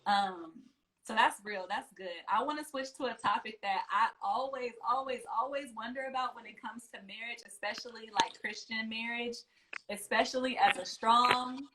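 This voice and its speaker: Young woman, podcast host, slightly high voice, chatty, reflective. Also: moderate pace, background noise. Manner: chatty, reflective, frequent "like" and "you know". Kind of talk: casual interview chat.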